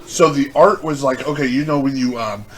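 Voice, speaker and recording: A man's voice: mid-range voice, brisk, breathy edge. A man co-hosting a podcast in casual chat, rambling with many fillers and swearing. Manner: rambling, filler-heavy, profane. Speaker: podcast co-host.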